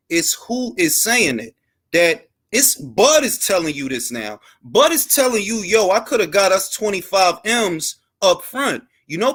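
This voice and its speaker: Male boxing commentator with a high voice, heated, profane and repetitive. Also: fairly bright tone. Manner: emphatic, profane, repetitive ranting. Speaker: boxing content creator and host.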